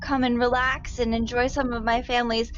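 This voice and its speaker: A woman's voice: on the high side, little pitch movement, fairly quick, pitched above the performer's own voice, lightly acted. A woman voicing a flustered, apologetic young woman who stammers and pleads, with a dull lo-fi sound. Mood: nervous, apologetic.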